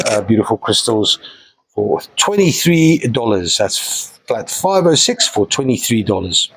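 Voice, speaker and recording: A man presenting stones for sale in a chatty, upbeat way, breaking into jokes between prices. His voice sits at a middle pitch, with faint noise and clicks behind it. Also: rough recording. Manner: chatty, enthusiastic, jokey asides. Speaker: mineral sale host. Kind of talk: casual live sales presentation.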